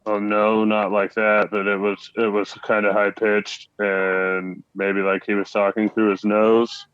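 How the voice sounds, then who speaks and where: Low, flat-voiced male player. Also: a little slow, smooth, no echo, dull audio. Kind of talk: casual tabletop play.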